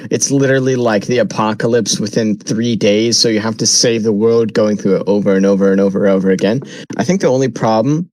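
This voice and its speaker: A man's voice: on the low side, a little fast, darkish tone, no echo. A young man co-hosting a casual podcast chat, telling his take animatedly and acting out his own reactions. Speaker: podcast co-host.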